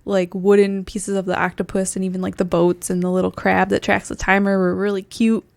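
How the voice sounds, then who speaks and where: A woman's voice: medium pitch, little pitch movement, a little fast, vocal fry, a little mellow, no echo. A woman co-hosting a board game podcast, chatting casually with plenty of hedges and laughs. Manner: chatty, hedging, many fillers and laughs. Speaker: podcast co-host. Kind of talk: casual chat. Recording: dry close mic.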